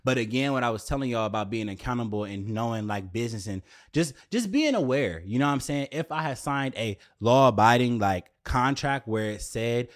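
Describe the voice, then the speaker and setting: Young man, storytime vlogger, middle pitch, loose and profane, heavy on fillers and rhetorical questions. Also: expressive, fairly quick, few pauses. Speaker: storyteller addressing viewers. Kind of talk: casual storytime rant.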